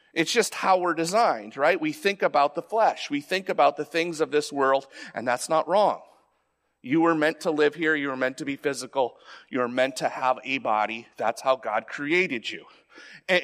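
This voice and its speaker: A pastor preaches a sermon in a conversational, unscripted way, his voice sitting high for a man. He frequently repeats or restarts words before rising into louder, more emphatic stretches.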